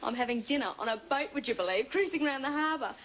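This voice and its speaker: A woman's voice: high voice, expressive, fast, a bit bright, a little hiss or hum, low-quality recording. An actress playing a bubbly, giggly young woman in the style of 1980s TV soap acting. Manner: gushing, giggly.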